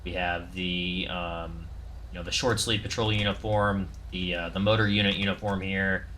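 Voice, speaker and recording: A man's voice: sits low, fairly even intonation, moderate pace, bright, forceful tone, a little hiss or hum. A man casually narrating a walkthrough of a game server he helps build, in a loose, rambling way with lots of ums and restarts. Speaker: server developer showing off his game server.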